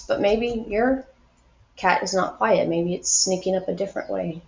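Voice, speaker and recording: A woman teaches a recorded grammar lesson for young children, patient and encouraging as she explains each step slowly. Her voice sits in a middle pitch. The sound is a little dull and roomy. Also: gravelly.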